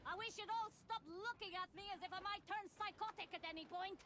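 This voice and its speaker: Wary female soldier, defensive, clipped, high-pitched, fast, game audio with heavy battle noise.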